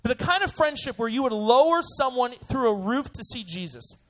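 A young man preaching to a room of students, playful and animated, acting out little scenes as he talks. His speaking voice sits notably high. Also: fairly quick. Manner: animated and joking, acts out voices. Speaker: youth pastor. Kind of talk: sermon to students.

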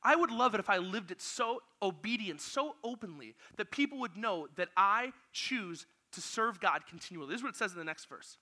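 A man's voice: sits high, expressive, a little fast, few pauses, bright, forceful tone. A man preaching to a youth group, energetically directing volunteers as he acts out a Bible story. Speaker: youth pastor.

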